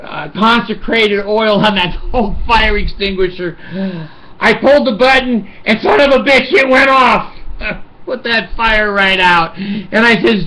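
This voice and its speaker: High, bright-voiced older man rambling. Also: unhurried, pauses often, rough recording. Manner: rambling, profane, chuckles often. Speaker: vlogger. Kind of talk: casual storytelling monologue.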